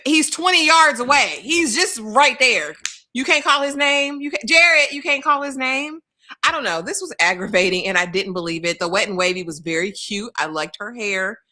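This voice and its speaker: A woman's voice: on the high side, normal speed, pushed and bright. A woman co-hosting a casual movie review chat, giving blunt, exasperated commentary. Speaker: podcast co-host.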